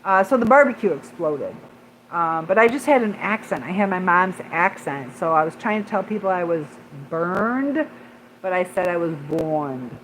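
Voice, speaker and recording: A woman's voice: lowish voice, animated, a little hiss or hum, poor audio. A woman hosting a casual livestream, rambling with many fillers as she reads and answers viewer comments. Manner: rambling, many fillers, pauses to read chat.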